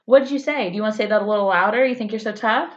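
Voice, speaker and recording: A woman's voice: mid-range voice, racing, voice pushed up, natural voice. A woman putting on a brash young female contestant who confronts a teammate in a mocking way, on dull lo-fi podcast audio. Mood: taunting.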